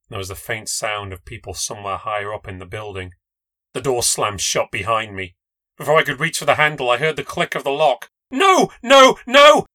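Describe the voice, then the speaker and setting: A man's voice: medium pitch, bright, forceful tone, no room sound. A man narrating a first-person ghost story with a tense, dramatic delivery. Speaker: podcast narrator.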